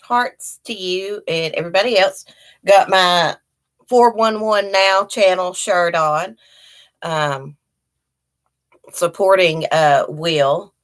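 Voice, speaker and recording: Middle-aged woman, deep-ish voice, chatty livestream host who rambles and shouts out viewers. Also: slow. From Virginia, US. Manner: chatty, greets viewers by name, warm and rambling. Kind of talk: casual live-chat morning talk.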